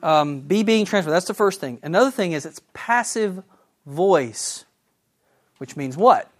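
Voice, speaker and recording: Animated man teaching the Bible. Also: on the high side, unhurried. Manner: animated and enthusiastic, asks the audience questions. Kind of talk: sermon.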